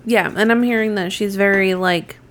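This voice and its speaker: A woman's voice: medium pitch, fairly even intonation, moderate pace. A woman co-hosting a podcast, chatting casually and trading short, easygoing opinions about films. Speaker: podcast co-host.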